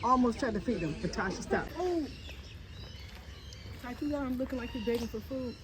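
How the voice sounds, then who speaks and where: A middle-aged woman, excitable and laughing as she chats at an outdoor wildlife park. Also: a little high, moderate pace, crowd noise. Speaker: vlogger's mother. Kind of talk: casual chat. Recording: loud outdoor background noise.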